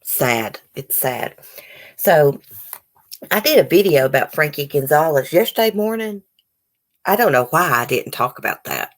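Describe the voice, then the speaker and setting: A woman's voice: deep voice, lively intonation, moderate pace. A woman hosting a live stream. She reads news articles aloud and breaks off into heated, indignant commentary and casual chat with viewers. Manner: chats directly with live viewers, casual and rambling. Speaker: channel host.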